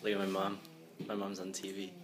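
A man's voice: low voice, monotone, a little fast. A young man and father talking casually to his camera at home in a loose, chatty way, swearing freely. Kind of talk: casual vlog chat to camera.

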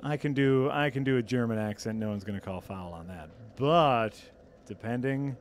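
A man's voice: mid-range voice, moderate pace, slight background noise. A man hosting a gaming stream, playfully chatting with his co-host and viewers while he plays. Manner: playful, talks to chat while playing. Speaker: host playing a game on stream. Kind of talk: casual gaming chat.

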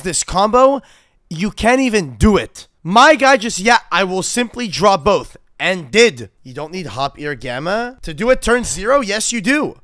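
A young man streaming a card game, reacting loudly, swearing often and talking to his chat. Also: sits high, dry recording. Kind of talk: game livestream commentary.

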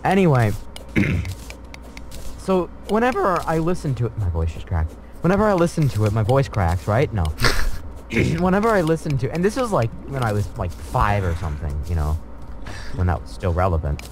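A man's voice: medium pitch, very animated, moderate pace, over music. A man chatting casually while playing a video game, rambling through silly jokes and stories. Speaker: let's play co-host. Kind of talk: casual gaming commentary.

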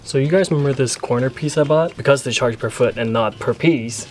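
A relaxed young man narrates his project in a joking, easygoing way, tossing in slang as he goes. His voice sits at an ordinary middle pitch. Music plays clearly in the background. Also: a little fast. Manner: relaxed, joking, says "bruh" often. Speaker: vlogger. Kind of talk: casual vlog narration. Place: inside a converted SUV.

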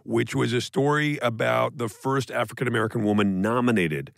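A man co-hosting a casual podcast, introducing the guest with playful, drawn-out build-ups. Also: medium pitch, gravelly, no room sound, clean studio sound.

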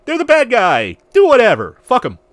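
Male podcast host, casual profane ranting, lively pitch, dry close sound. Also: normal speed, no echo. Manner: animated, profane, ranting with restarts. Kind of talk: casual livestream rant.

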